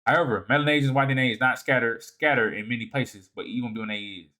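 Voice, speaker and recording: A man talks his audience through a set of slides, stopping and restarting his phrases as he goes. He keeps asking "all right?" and "you see what I'm saying?", rising sharply on key points and dropping to quiet mutters in between. His voice sits at an ordinary middle pitch. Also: fast. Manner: repeats and restarts words, asks "all right?" often; swings from emphatic rises to low muttering asides. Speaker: presenter of a video series. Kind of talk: lecture walking through slides.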